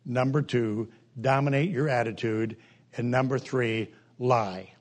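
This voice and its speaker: An older man preaching a humorous sermon in a folksy, joking way, with sudden jumps in pitch and pace. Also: fairly even intonation, unhurried.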